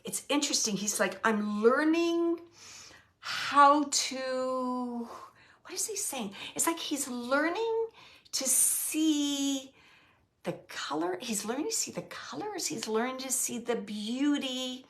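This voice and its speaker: A woman working as a medium, giving a spontaneous spirit reading in a soft, tender, halting way as she searches for words. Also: high-pitched, lively intonation. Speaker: psychic medium.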